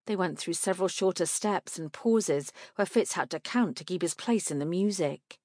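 A woman narrating an audiobook in a measured, clear way. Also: fairly low pitch, darkish tone, no echo, studio quality.

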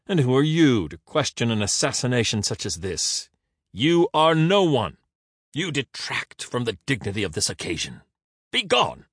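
A man voicing a calm, superior dream-shaper who jeers and mocks. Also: mid-range voice, fairly quick, hardly any pauses, slightly rough, dry recording, studio quality. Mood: mocking. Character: cool, mocking male dream-shaper in control.

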